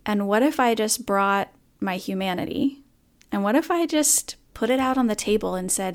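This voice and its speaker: A woman's voice: medium pitch, animated, moderate pace. A woman hosting her own podcast, talking candidly and earnestly about a hard morning in a reflective monologue. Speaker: podcast host.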